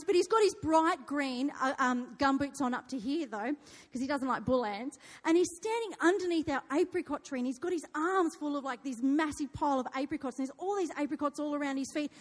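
An Australian woman in her thirties preaching a sermon in a church, chatty and lively with laughing asides. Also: high voice. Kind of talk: sermon with personal storytelling. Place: church hall. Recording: echoey hall reverb.

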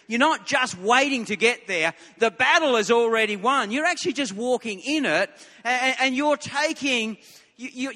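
Male preacher, earnest, high bright voice, stammers on restarts, reverberant hall. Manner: earnest, repeats words when starting a thought. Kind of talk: sermon.

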